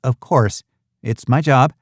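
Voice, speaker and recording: A man's voice: mid-range voice, takes it slowly, no echo, clean studio sound. A man voicing a polite young woman from the United States who works as a host at an island retreat, speaking courteously and eager to please.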